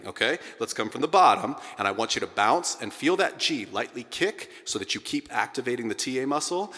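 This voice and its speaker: A middle-aged man teaching a singing class, energetic and breaking into sung sounds to demonstrate. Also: medium pitch. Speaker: vocal coach. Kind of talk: singing lesson to a group. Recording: hall with long reverb.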